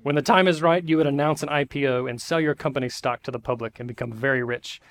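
A preacher doing a pushy eager banker. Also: male voice, medium pitch, steady tone, fast talker, close to an everyday voice. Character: American investment banker, brash, eager, pushy.

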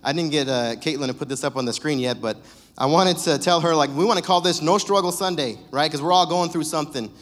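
A man's voice: on the high side, fast talker, fairly bright tone. A young man preaching a sermon in a casual, joking, conversational way. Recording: long reverb of a church hall.

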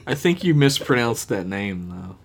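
A man's voice: on the low side, very animated, normal speed, gravelly, a little hiss or hum. A man co-hosting a podcast, reacting with teasing, amused remarks. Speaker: podcast co-host. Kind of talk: casual chat.

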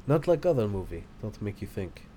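A man putting on a deadpan mock-Russian bloke. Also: lowish voice, brisk, a little hiss or hum. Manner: clipped, flat short sentences. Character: blunt Russian-accented man with broken grammar.

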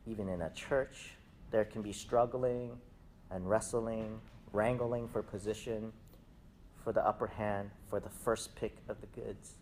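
A man preaching in an easygoing, chatty manner, with a voice that is neither high nor low. He wonders aloud, pauses on fillers and asks his listeners rhetorical questions. Now and then he laughs at his own asides. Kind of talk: conversational Bible teaching.

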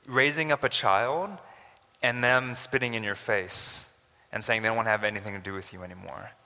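Bright-voiced male pastor preaching in a reverberant hall. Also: lowish voice, normal speed. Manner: conversational, builds to emphatic rises. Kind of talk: sermon.

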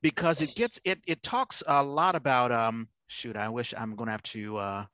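A man's voice: medium pitch, normal speed, sharp tone, no echo. A man hosting a podcast over a video call, talking in a rambling way with many fillers and restarts. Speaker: podcast host. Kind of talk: casual video-call conversation.

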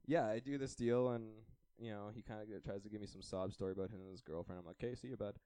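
A man's voice: on the low side, fast, clear, resonant tone, no echo. A young man from Canada telling a long holiday anecdote in casual podcast chat, acting out the dialogue and laughing as he goes. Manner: animated anecdote-telling, acts out quoted dialogue, laughs often. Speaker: podcast co-host.

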